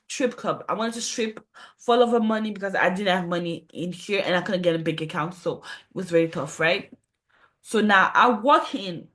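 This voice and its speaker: A woman sits and reacts to a clip, voice pitched on the low side. She talks earnestly and tags her points with "right?" and "you know?" asides. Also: fairly bright tone. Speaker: commentator host. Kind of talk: casual commentary on a clip.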